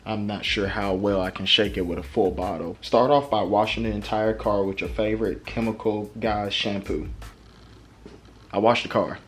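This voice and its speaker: A young man hosting a casual car-care vlog, chatting in a relaxed, informal way with slang. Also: lowish voice, moderate pace, slight background noise. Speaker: car detailing vlogger. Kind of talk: casual product review vlog.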